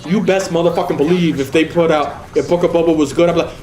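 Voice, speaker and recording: A man's voice: fairly high pitch, lively intonation, quick pace, few pauses, a little mellow, a little hiss or hum. A man ranting profanely and heatedly during a casual livestream, often slipping into mocking voices. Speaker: live streamer.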